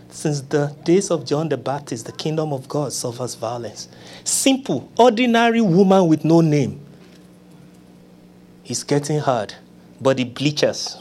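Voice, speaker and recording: A preacher delivering a sermon, pleading and acting out prayers, swinging from loud cries to hushed murmurs. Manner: acts out begging prayers in a low, soft voice.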